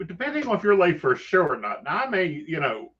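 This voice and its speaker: A man's voice: on the high side, wildly swooping pitch, fast. A man hosting a casual chat, gossipy with dry, wry asides. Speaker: psychic host. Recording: dull lo-fi sound.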